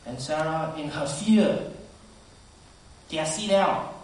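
Preacher in a booming echoey hall. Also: male voice, takes it slowly. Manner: earnest, swings between loud emphasis and soft hushed asides. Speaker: pastor. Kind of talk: sermon. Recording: very echoey hall, speaker far from mic.

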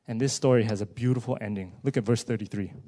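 A man preaching a sermon, asking many rhetorical questions and moving between hushed words and loud rising emphasis. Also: lowish voice, steady tone, fast.

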